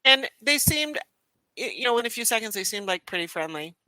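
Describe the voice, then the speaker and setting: Bright-voiced, animated woman storyteller. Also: fairly high pitch, fairly quick, poor audio. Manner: animated storyteller, frequent restarts and "you know". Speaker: podcast guest. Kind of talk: casual conversation.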